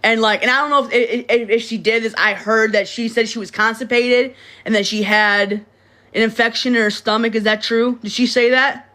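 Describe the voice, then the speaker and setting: A woman's voice: a little high, steady tone, normal speed, sharp tone. Rambling woman livestreaming to viewers. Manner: rambling, repeats words and restarts often; blunt and swears freely. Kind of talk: casual livestream chat to viewers.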